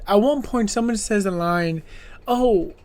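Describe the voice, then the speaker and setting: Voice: medium pitch, animated, a little slow, a little mellow. A podcast host in a casual horror movie review chat, rambling and self-interrupting, laughing often and swearing casually.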